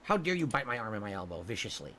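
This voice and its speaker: A man's voice: on the low side, very animated, quick pace, bright, forceful tone. A man streaming live, chatting casually and scolding his cat between sentences, heard in a played clip.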